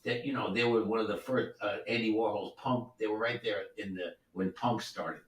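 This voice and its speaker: A man's voice: lowish voice, steady tone, normal speed. A man in his seventies, a record producer, telling rambling anecdotes in an easygoing way with many asides. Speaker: record producer and guest musician. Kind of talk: relaxed anecdotal storytelling. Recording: roomy sound, distant from the mic.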